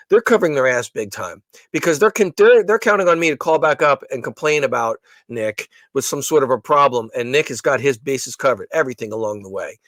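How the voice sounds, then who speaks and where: A man's voice: mid-range voice, expressive, a little fast, hardly any pauses, a bit bright, no echo. A man co-hosting a podcast, telling a long story in casual chat with profanity and frequent restarts. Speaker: podcast co-host.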